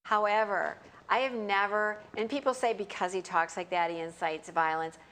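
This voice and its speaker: A woman's voice: medium pitch, steady tone, moderate pace, a bit bright. A woman co-host speaking in an earnest, conversational way on a political talk panel. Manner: earnest, conversational, acts out quotes.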